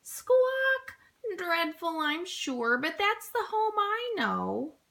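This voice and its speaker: A woman voicing a fussy mother kelp gull who squawks loudly between her words. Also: extremely high pitch, big pitch swings, takes it slowly, vocal fry, pitched above the performer's own voice, full character voice.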